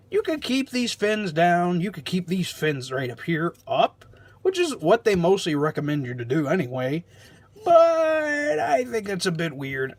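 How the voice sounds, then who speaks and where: Guy reviewing toys, kinda high voice, rambly and sarcastic. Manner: rambling, self-deprecating and sarcastic. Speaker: toy reviewer. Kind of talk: casual toy review vlog.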